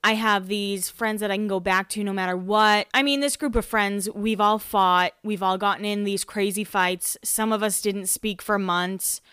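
A woman's voice: medium pitch, fairly even intonation, moderate pace, few pauses, fairly bright tone, clear, resonant tone, no echo, studio quality. A young woman hosting a podcast, chatting casually and gossiping about a reality show with frequent laughs. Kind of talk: casual chat.

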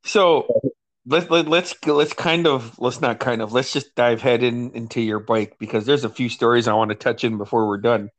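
A man in his forties hosting a casual chat, swearing freely and retelling old stories with lively quoted lines. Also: medium pitch, normal speed, dry recording. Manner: profane, animated when retelling stories, lots of quoted voices. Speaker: podcast host.

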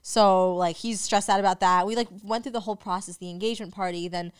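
A young woman co-hosting a podcast, chatty and expressive, often jumping in on her partner. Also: medium pitch, clean tone. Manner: chatty, expressive, quick to interject. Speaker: podcast co-host. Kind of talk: casual chat.

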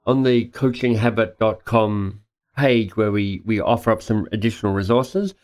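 A man's voice: fairly low pitch, steady tone, normal speed. A man hosting a podcast interview, enthusiastic and joking in casual chat. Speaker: podcast host.

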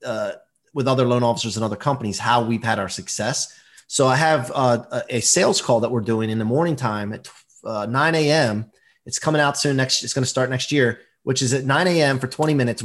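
Energetic motivational man, interview guest. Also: medium pitch, fairly quick. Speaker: guest, performance coach. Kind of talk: casual interview chat.

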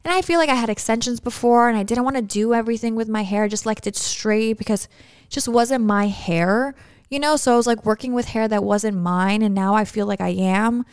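A woman's voice: fairly high pitch, brisk, clean tone, no echo, studio quality. A young woman from Canada, co-hosting a podcast in casual, candid chat and telling stories with acted-out quotes. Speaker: podcast co-host.

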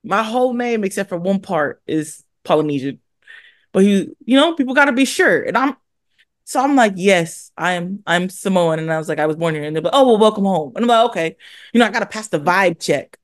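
Guest talk: young woman, chatty, does voices in her anecdotes, mid-pitched, dry close mic. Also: fairly quick, no room sound. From born in Hawaii, raised in California. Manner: animated storyteller, acts out quoted voices. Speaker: guest athlete. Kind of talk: casual interview chat.

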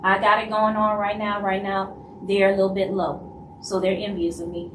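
A woman from Louisiana with a Louisiana Southern accent, hosting a live stream in casual talk and acting out other people's lines in quick asides. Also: medium pitch, little pitch movement, a bit bright, a little hiss or hum. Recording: roomy echo, voice from a distance, faint ambience.

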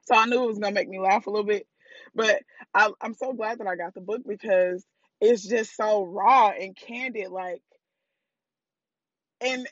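A woman's voice: medium pitch, no room sound, muffled recording. A woman hosting a casual solo podcast, talking candidly and playfully in slangy speech straight to her listeners and laughing at her own jokes. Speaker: podcast host.

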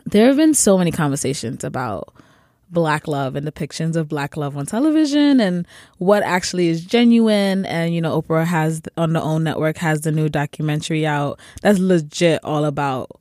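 Woman co-host; lowish, dry-sounding, gushing and rambling. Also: animated, normal speed, darkish tone, dry recording. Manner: enthusiastic, rambling, many "like"s and laughs. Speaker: podcast regular, co-host. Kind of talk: casual chat.

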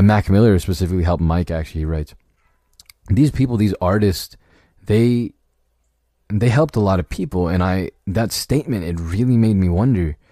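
A man hosting a solo podcast, talking casually and haltingly about a book, often restarting and laughing. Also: low voice, dark tone, no echo, clean studio sound. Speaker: podcast host reviewing a book.

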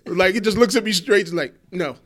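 Laughing, animated storyteller man. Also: high voice, fast. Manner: animated, laughs often, swears freely. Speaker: guest telling stories. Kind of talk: casual storytelling.

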